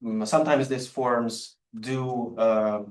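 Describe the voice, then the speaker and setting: A man, a non-native English speaker, giving an academic lecture on poetic forms with many halting fillers and restarts. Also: medium pitch. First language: Latvian. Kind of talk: public lecture with poetry readings. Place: lecture room. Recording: roomy lecture hall sound.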